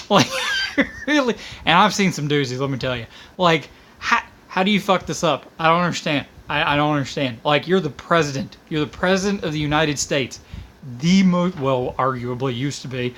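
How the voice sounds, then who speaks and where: A woman rants to camera in a casual, profanity-laced monologue. She keeps restarting her sentences and her voice leaps suddenly higher when she gets worked up. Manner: profane, exasperated, animated with sudden pitch jumps; self-interrupting, restarts often. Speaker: teacher and vlogger.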